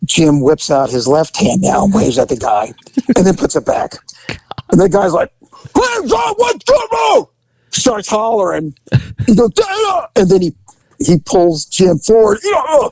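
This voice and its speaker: A middle-aged man, a former police officer, casually telling a story, animated, swearing, laughing and acting out the voices of the people in it. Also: high voice, moderate pace, creaky, no echo, low-quality recording. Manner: profane, laughing often.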